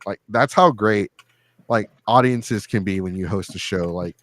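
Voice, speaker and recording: A man hosting a podcast, telling stories in a crude, joking, animated way and laughing often. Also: on the low side, unhurried, no room sound. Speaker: podcast host. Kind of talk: casual storytelling chat.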